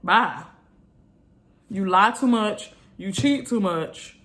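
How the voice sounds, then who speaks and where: A woman's voice: medium pitch, expressive, takes it slowly, a bit bright. A woman vlogger, venting bluntly and repeating herself in an exasperated rant to her viewers.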